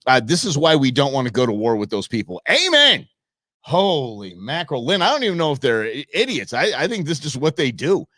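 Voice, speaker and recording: A man from the United States hosts a casual show and rambles through viral clips with plenty of fillers and chuckles. His voice sits at an ordinary pitch. The sound is close and dry, with no room around it. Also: very animated, brisk, hardly any pauses, no room sound. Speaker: show host. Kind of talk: casual commentary on viral videos.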